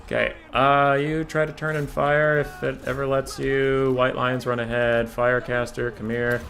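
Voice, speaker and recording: A young gamer streamer commentates his own strategy game match, sarcastic and profane, now and then erupting at his units. His voice sits at medium pitch with a level tone, normal speed, some vocal fry, and a slight brightness. Faint game music plays in the background.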